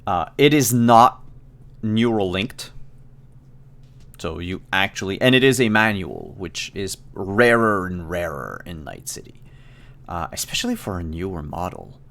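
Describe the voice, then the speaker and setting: A man running a tabletop role-playing game as game master, describing scenes in a relaxed, hesitant way with frequent fillers. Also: low-pitched, a little slow, gravelly.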